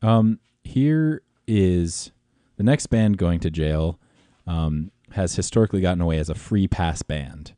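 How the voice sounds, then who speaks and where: A man's voice: deep voice, a little slow, warm tone, dry recording. A man hosting a radio show, chatting in a dry, hesitant way with frequent ums. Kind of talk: casual studio banter.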